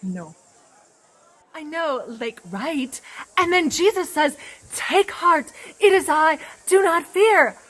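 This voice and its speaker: A woman's voice: high voice, expressive, slow. A woman playing a chatty female water droplet in a comic children's sermon skit, telling her story with gushing drama. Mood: excited storytelling.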